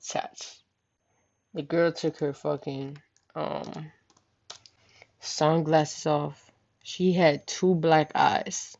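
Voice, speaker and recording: A young woman vlogger telling a story casually, animated, profane and full of slang, acting out the voices of the people in it. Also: deep voice, very slow, gravelly, long pauses. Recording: dull lo-fi recording.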